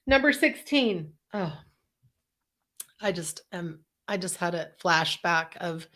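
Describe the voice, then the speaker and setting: A woman with a bright, forward voice co-hosts a live online self-help show. She talks in an upbeat, earnest, encouraging way, walking listeners through tips. She speaks over a video call. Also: on the low side, lively intonation, takes it slowly. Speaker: co-host, empath coach.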